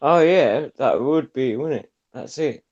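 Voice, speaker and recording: A man's voice: mid-range voice, animated, a little slow, a little mellow, lo-fi sound. A man in casual chat who keeps agreeing with the host in short replies.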